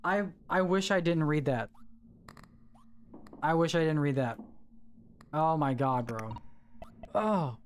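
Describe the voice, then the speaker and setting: Over background music, a live streamer chats casually with viewers while gaming, groaning and pleading at chat in a loose, slangy style full of repeats. The voice is medium-pitched and expressive, slow, with frequent pauses, and sounds squeamish.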